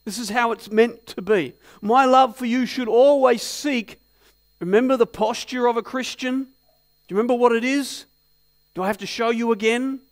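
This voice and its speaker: A man's voice: very high voice, moderate pace. A man preaching a sermon as pastor in a church, asking the congregation many rhetorical questions and telling stories with animation. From Australia. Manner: animated storytelling.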